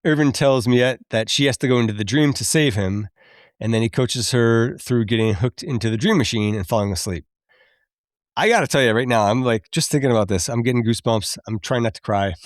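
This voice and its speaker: A man in his thirties hosting a podcast, chatty and quick to laugh as he recaps a film and admits it moves him. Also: medium pitch, no echo, studio quality. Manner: chatty, laughs often, openly emotional. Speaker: podcast host.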